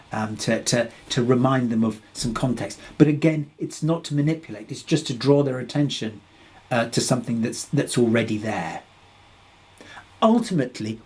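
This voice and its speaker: A husky man hosts a live webinar and works through audience questions. He talks in a halting way, full of restarts and fillers. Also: mid-range voice, a little mellow. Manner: hesitant, many restarts and fillers, reads out questions. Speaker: webinar presenter.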